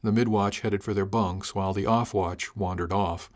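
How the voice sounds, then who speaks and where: A man narrating a science-fiction novel in a dry, measured, wry way. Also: fairly low pitch, fairly even intonation. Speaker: audiobook narrator. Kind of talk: scripted audiobook narration.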